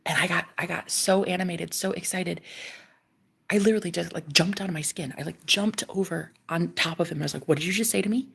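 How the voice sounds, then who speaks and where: A woman vlogger casually telling a personal story to her viewers, animated and swearing, often dropping into a whisper. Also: on the low side, fairly quick, gravelly, slightly rough.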